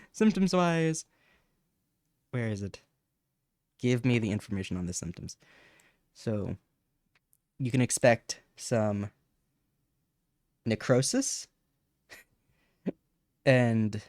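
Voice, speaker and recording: A man with a mid-range voice hosts a casual educational livestream about bacteria, chatting, reading chat messages, laughing, and stumbling over terms. The audio is studio quality with no echo.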